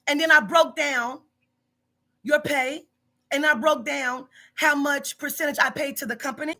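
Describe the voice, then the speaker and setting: Woman boss going off at an employee, swearing, repeating herself, high bright voice. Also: steady tone, a little slow. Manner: confrontational, profane, emphatic repetition. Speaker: boss of a psychic reading business. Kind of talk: heated monologue to a staff member.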